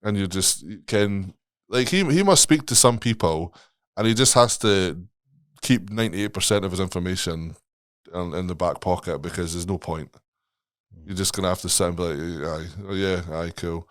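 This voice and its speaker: A man's voice: sits low, normal speed, fairly bright tone, no room sound, clean studio sound. A man, a guest on a podcast, rambling casually and swearing emphatically.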